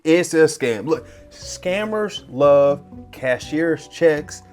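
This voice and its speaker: A man who works in cybersecurity, telling a scam story to his viewers in a lively way. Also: very slow, faint music behind. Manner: lively, swings pitch and loudness when acting out chats. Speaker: cybersecurity vlogger. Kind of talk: animated storytelling to camera.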